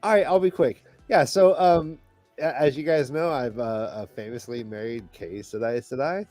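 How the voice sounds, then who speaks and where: A middle-aged man co-hosting a podcast, speaking in halting, heartfelt restarts while holding back tears. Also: medium pitch, darkish tone, faint music behind. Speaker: podcast co-host. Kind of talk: casual panel chat.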